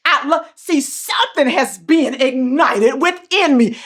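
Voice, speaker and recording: A woman's voice: sits high, a little slow, few pauses. A middle-aged woman giving a motivational speech as host, repeating phrases with an emphatic, preacher-like cadence. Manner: swings from soft and calm to loud and passionate. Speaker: motivational speaker and show host.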